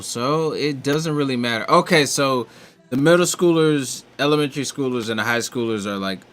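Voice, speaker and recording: A man's voice: medium pitch, fairly bright tone. A man casually reading a comic aloud, stumbling through names and cursing as he adds his own comments. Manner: reads on the fly, stumbles, swears. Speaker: reader of a manga aloud.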